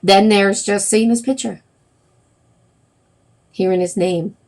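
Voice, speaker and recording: A woman's voice: medium pitch, steady tone, slow, a little mellow. A middle-aged woman hosting a wellness livestream, talking casually and rambling, with many fillers and self-corrections.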